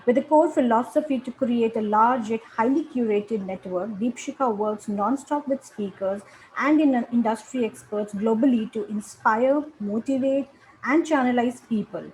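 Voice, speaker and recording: A woman's voice: a little high, normal speed, a little mellow, a little hiss or hum, poor audio. A woman host, formally reading a guest introduction over a video call. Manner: formal, reads an introduction, polite.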